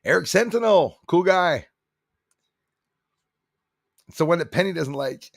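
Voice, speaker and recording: A man's voice: on the high side, lively intonation, unhurried, vocal fry, no room sound, clean studio sound. A middle-aged man from Canada hosting a casual livestream, rambling and reading viewer comments aloud. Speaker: livestream host.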